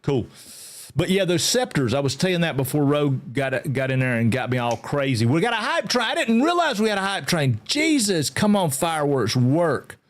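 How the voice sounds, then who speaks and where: This is a middle-aged man hosting a relaxed game livestream. He rambles in an easygoing way. He greets his viewers by name as he chats. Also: fairly high pitch, normal speed. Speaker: game streamer. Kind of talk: casual livestream chat.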